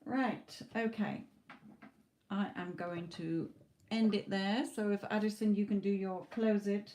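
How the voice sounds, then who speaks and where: A woman giving a live tarot reading, tired and a bit hoarse from talking all night. Her voice is mellow and dark, with a middling pitch. She chats along in a reassuring way, dropping "okay" and "you know" as she goes. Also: steady tone, a little slow. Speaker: tarot reader.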